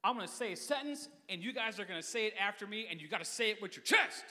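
High, bright-voiced youth pastor preaching. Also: male voice. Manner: energetic, playful, quick-talking preacher. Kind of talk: lively sermon. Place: church sanctuary. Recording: long church reverb.

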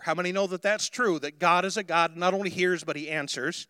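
A man's voice: high voice, steady tone, brisk, hardly any pauses, pushed and bright, smooth, no room sound, clean studio sound. A male pastor preaching a sermon in a conversational way that builds to emphatic declarations.

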